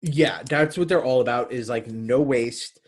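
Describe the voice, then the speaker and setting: Casting: man podcast co-host, easygoing and halting, full of "um" and "like". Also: medium pitch. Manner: loose, hesitant, many "um" and "like" fillers. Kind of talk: casual podcast chat.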